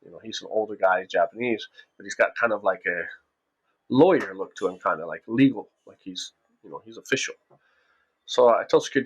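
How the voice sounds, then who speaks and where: Low-voiced man telling a story casually. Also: fairly quick, breathy edge, lo-fi sound. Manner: rambling, with frequent restarts and acted-out quotes. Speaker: storyteller recounting his own past.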